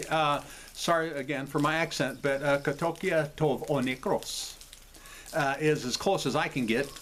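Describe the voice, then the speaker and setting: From his home, a man hosts a video with casual, rambling explanations to the camera, often apologizing and checking in with "okay?" His voice is a little high and a bit bright, with a little hiss or hum in the audio.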